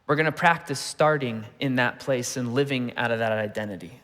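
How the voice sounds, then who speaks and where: A man in his thirties preaching a sermon in a relaxed, conversational way, telling personal stories with humor. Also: medium pitch, brisk. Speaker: pastor. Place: church auditorium. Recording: long reverb of a large hall.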